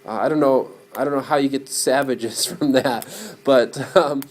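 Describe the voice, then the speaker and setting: A man giving a classroom lecture, animated and often putting questions to his students. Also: medium pitch, moderate pace.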